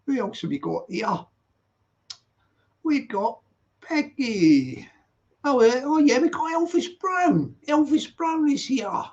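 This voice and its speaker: A man's voice: very high voice, sing-song, takes it slowly, pauses often, a little mellow. A man in his sixties with a Glaswegian accent touched by London, hosting a livestream and chatting casually, rambling with many yeahs. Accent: Glaswegian with London influence. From Glasgow, Scotland. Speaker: livestream host. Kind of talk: casual livestream chat greeting viewers. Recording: dull lo-fi stream audio.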